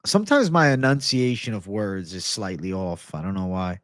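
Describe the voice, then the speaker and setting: A man's voice: deep voice, animated, moderate pace, fairly bright tone, no room sound, studio quality. A young man hosting a casual MMA livestream, swearing freely and answering chat in a laid-back way. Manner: profane, laid-back, reads chat aloud. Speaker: MMA show host.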